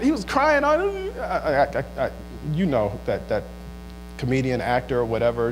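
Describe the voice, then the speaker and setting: A male pastor preaching a sermon, asking the same questions again and again, stumbling over restarts and rising to shouts. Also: very high-pitched, a little hiss or hum.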